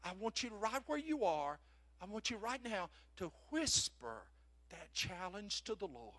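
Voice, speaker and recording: A man preaching a sermon to his congregation, dropping to whispers and building to shouted praise, repeating phrases for emphasis. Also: sits high, big pitch swings, unhurried. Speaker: pastor.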